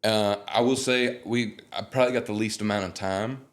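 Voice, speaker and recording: Young guy with a low voice, telling funny stories, laid-back chat. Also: moderate pace. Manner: animated, joking storyteller. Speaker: guest singer. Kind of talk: casual interview chat.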